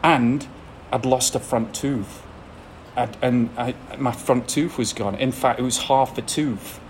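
An English-accented man speaks unhurriedly in a steady, medium-pitched voice as he tells an audience a frank story of his recovery. He makes fun of himself and laughs now and then between blunt details, with a little hiss or hum audible.

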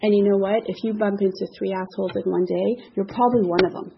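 A woman's voice: medium pitch, steady tone, quick pace, vocal fry, very noisy. Candid middle-aged woman, dull lo-fi recording. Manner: candid and self-mocking, laughs often. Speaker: speaker sharing at a recovery meeting. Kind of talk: personal testimony.

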